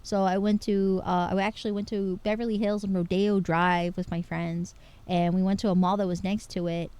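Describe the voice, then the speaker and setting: A woman streaming casual chat to her viewers, excitable and full of filler words. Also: mid-range voice, clear, resonant tone, no room sound.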